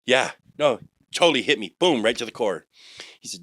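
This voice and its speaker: A man in his forties telling his life testimony on a podcast, rambling with many restarts and turning animated when he quotes others. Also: mid-range voice, moderate pace. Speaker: guest sharing a testimony.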